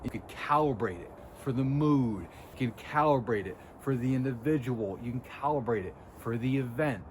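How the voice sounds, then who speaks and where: A man's voice: medium pitch, normal speed, slight background noise. A man talking straight to camera, coaching viewers on body language in a blunt, emphatic, intense way. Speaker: body language video host. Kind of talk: casual direct-to-camera coaching talk.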